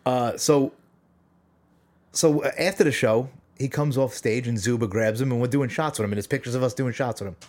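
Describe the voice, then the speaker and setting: A man's voice: medium pitch, a little fast, a little mellow. A man, telling a rambling story in casual chat on a podcast, often restarting and chuckling. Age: 40s. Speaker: podcast co-host.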